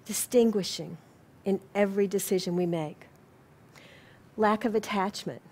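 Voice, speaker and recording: Gentle Southern woman lecturing. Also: medium pitch, unhurried. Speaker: speaker. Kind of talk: spiritual lecture. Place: lecture room with audience.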